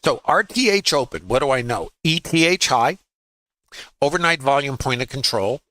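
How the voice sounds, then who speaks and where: A man's voice: mid-range voice, expressive, moderate pace, sharp tone. A man with a Brooklyn accent teaching a livestream trading lesson in a folksy way, asking rhetorical questions and tossing off quips. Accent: New York, Brooklyn. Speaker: trading educator. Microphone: laptop.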